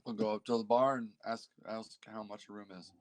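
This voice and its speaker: A man's voice: lowish voice, little pitch movement, a little fast, a little mellow. A man role-playing as a player in a tabletop game, cheeky and playful.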